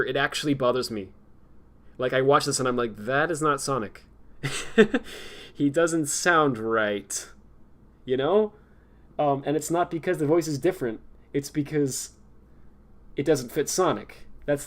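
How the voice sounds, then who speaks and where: A man's voice: medium pitch, normal speed. Rambling young man chatting on stream. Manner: rambling, laughs often, lots of fillers. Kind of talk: casual chat.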